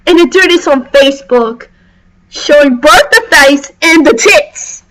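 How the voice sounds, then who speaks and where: High-voiced woman in a slow, profane rant. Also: animated, fairly bright tone, low-quality recording. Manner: ranting, swears a lot, many "like" and "I mean" fillers. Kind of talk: angry rant.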